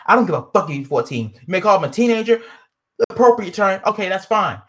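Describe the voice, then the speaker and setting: Ranting profane woman, lively pitch. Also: quick pace. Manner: profane, indignant, emphatic ranting. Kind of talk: heated casual commentary.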